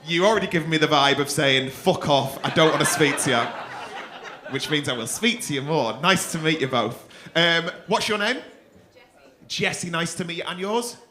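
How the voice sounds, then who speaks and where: A man's voice: a little high, expressive, brisk, bright, forceful tone. A man doing crowd work as a stand-up comedian in a club, teasing audience members with a cheeky, swearing manner. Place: comedy club stage before a laughing crowd. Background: audience laughter.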